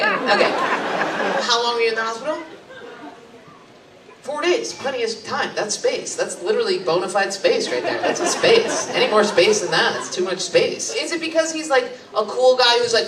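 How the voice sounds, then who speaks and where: A young woman tears through a stand-up set, brash and crude, firing blunt questions at the crowd. She sounds far from the mic in an echoing club. A loud audience roars around her. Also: mid-range voice, expressive, a little fast. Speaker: stand-up comedian. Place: comedy club stage with a laughing audience. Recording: roomy live club recording from far off.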